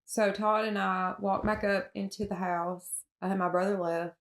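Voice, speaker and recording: A Southern woman from Alabama, recounting her own story in an interview in a halting way, with many fillers and restarts and nervous laughs. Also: mid-range voice, flat delivery. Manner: emotional, with nervous laughs at hard moments.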